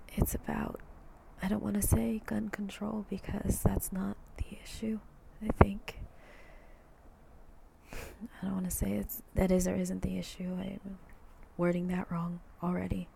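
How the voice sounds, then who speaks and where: A hoarse woman with a cold, talking as a concerned mother in a personal video message, hesitant and halting with soft, half-whispered words. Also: medium pitch, a little hiss or hum.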